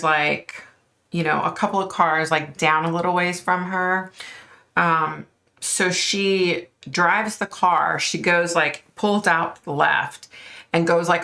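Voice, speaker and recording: A woman's voice: low voice, vocal fry, pushed and bright. A woman vlogger recounting a psychic vision in a loose, rambling way, full of fillers. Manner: rambling, many fillers, points at an imagined map. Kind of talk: casual storytelling to camera.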